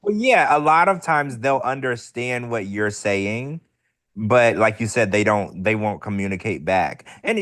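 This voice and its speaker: Low male co-host, dry close mic, chatty and long-winded. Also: fairly bright tone, no room sound. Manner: chatty, explains at length with filler words. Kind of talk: casual chat.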